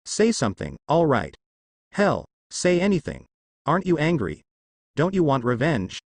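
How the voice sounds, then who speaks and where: Give me a grieving young man, earnest and pressing, as a male reader puts him on. The delivery swings widely in pitch. The room is dry and close. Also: wildly swooping pitch, moderate pace, vocal fry, dry recording, heavily acted. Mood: frustrated. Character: young man, weary, grieving, pushing his brother.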